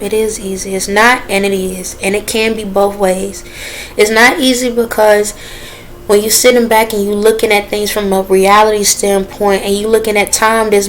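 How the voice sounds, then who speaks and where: A woman talking straight to her viewers in a casual, earnest and preachy way, with relaxed dialect grammar. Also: mid-range voice, slight background noise, poor audio. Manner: dialect grammar, drawn-out phrasing. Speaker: vlogger. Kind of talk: casual direct-to-camera talk.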